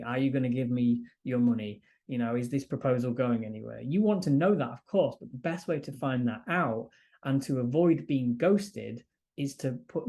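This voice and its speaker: Mellow-voiced male business coach. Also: on the high side. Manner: direct, acts out sample emails and client replies. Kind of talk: advice talk to camera.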